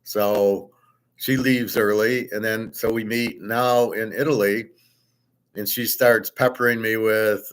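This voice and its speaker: Rambling, blunt man with a lowish voice. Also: fairly even intonation, slow, clean tone. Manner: rambling and opinionated, blunt and profane. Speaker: host. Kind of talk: casual unscripted monologue.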